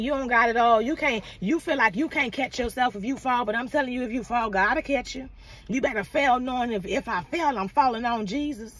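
A woman's voice: fairly high pitch, husky. A woman preaching a prophetic word in a fervent call-and-response manner, often repeating "come on now" and calling listeners "baby".

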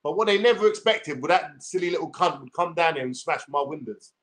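A man's voice: a little high, expressive, brisk, fairly bright tone. A man in his forties with a London accent, ranting combatively and swearing on a livestream. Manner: combative, profane, streetwise slang. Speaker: YouTuber. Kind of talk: livestream rant.

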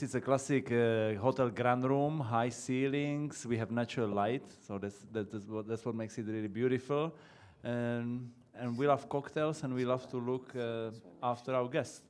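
A man speaking as a bartender guest on a live panel, relaxed and joking with hesitant fillers. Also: mid-range voice, smooth.

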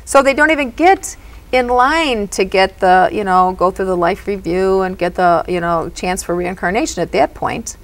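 A woman speaking as a psychic medium guest, telling stories in an animated, earnest way. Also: medium pitch, normal speed, rough recording. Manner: animated and earnest, often says "you know". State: emotional at moments. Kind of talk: storytelling in a conversation.

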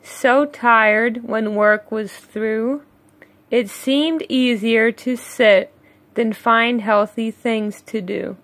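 A woman reading a rhyming children's picture book aloud, slow and measured, with chuckling asides between pages. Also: a little high, steady tone, a bit bright, no echo. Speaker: read-along storyteller.

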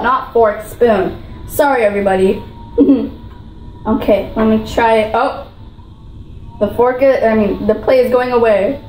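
A woman's voice: fairly high pitch, roomy sound, a little hiss or hum, poor audio. A female vlogger talking in a bubbly, gushing way while she taste-tests food, repeating her praise. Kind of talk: food challenge vlog.

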